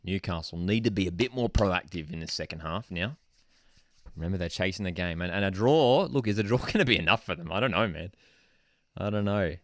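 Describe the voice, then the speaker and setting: A young Australian man hosting a live football watchalong, excitable and prone to saying "dude", swinging between shouting and muttering. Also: sits low, fairly quick, dry recording, studio quality. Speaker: football channel host. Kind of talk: live match watchalong commentary.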